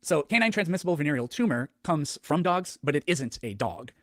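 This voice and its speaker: A man making a debate argument, explaining quickly with many fillers. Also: fairly high pitch, lively intonation, no echo, studio quality.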